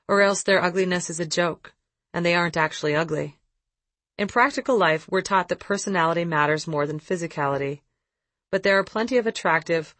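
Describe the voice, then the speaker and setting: A woman with a fairly low voice reads an advice column aloud, letter first and then her answer. Her delivery is measured and reflective, and the sound is close and dry. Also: a bit bright, dry recording.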